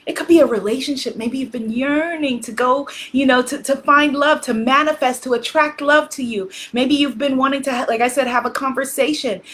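A woman coaching a live tapping session, calmly guiding listeners and leading phrases for them to repeat, quiet and slow during the tapping rounds. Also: high-pitched. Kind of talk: guided tapping exercise on a live stream.

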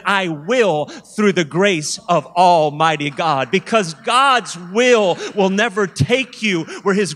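A man preaches in a high, ringing voice. He drives his points home in emphatic, rhythmic runs and drops in wry jokes along the way. The sound carries a long reverb, as in a big hall. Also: fairly bright tone. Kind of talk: sermon.

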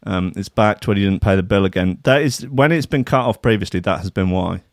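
A man's voice: fairly low pitch, fairly quick, no echo, studio quality. A man, working as a radio DJ, chatting casually and ranting sarcastically between records with plenty of swearing.

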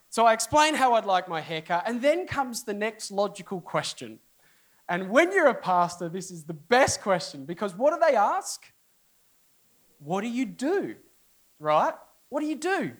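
A man's voice: sits high, a little fast. A middle-aged man, a pastor, telling a funny story to a congregation, acting out the people in it. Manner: animated storyteller, acts out people, voice jumps up for inner outbursts. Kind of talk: humorous sermon storytelling. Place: church hall before a congregation.

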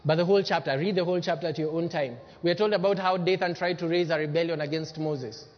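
A man preaching a sermon as pastor, emphatic, swinging between loud bursts and hushed lines. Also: on the high side, fast talker. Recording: dull lo-fi sermon recording with long hall reverb.

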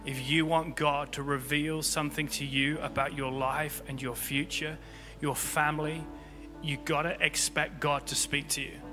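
A man preaching a sermon as pastor, impassioned, swinging between loud peaks and quiet low stretches. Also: level tone, moderate pace, few pauses. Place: church hall. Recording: long hall reverb with faint music.

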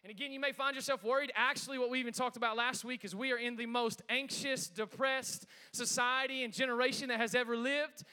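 A man preaching to a church congregation, lively and chatty, often calling on the room to respond. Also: extremely high pitch, fairly quick, few pauses, smooth. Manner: energetic, engages congregation with call-outs. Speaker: pastor. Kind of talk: sermon.

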